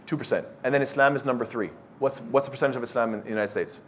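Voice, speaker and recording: A man's voice: mid-range voice, racing. A man giving a blunt, scolding sermon to a youth circle, quizzing the audience with questions. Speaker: speaker at a youth study circle. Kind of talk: lecture-style sermon to a live audience.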